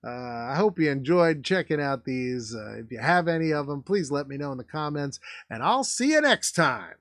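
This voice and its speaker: Chatty man with a fairly high voice. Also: very animated, moderate pace, a bit bright, dry recording, studio quality. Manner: chatty, laughs between remarks. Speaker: nostalgia video host. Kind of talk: casual vlog commentary.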